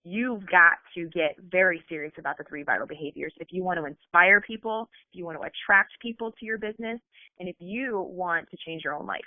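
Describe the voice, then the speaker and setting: A woman's voice: on the low side, no room sound. Woman, earnest coach rallying her team on a phone call; tinny, dry line. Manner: earnest, fast, peppered with "like". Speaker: team coach giving a talk. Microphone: phone on a conference call.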